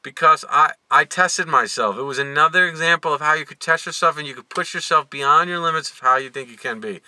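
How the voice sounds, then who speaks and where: A man's voice: on the high side, smooth, no room sound. A middle-aged man telling a story to camera in a casual, joking vlog, tired and yawning as he talks. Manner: animated and joking, laughing between lines. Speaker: vlogger.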